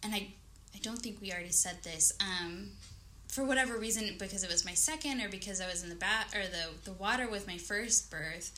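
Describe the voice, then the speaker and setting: A woman in her thirties, a podcast guest telling a story in casual conversation, animated and acting out her own thoughts. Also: mid-range voice, a little fast. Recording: faint background noise.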